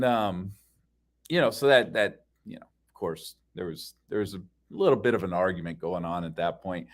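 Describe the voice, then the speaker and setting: A man telling a story as a casual rant, heated and profane, with frequent fillers. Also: fairly low pitch. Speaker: podcast ranter.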